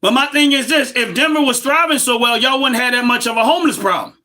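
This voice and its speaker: Man, very high voice, bright and forceful, loud repetitive livestream rant. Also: fast. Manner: loud, emphatic and repetitive, laughs between points. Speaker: livestream host.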